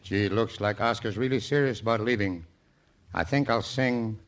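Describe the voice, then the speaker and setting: An older man in his sixties hosting a 1940s radio comedy show, trading scripted jokes and singing with slow, drawn-out theatrical phrasing. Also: on the low side. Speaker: host and singer. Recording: old radio broadcast with orchestra.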